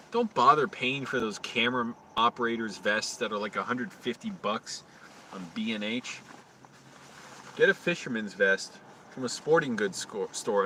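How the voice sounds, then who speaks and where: A man's voice: medium pitch, sharp tone, a little hiss or hum. A man live-streaming outdoors, telling rambling anecdotes with restarts, his voice rising when he retells arguments. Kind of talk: casual live-stream storytelling.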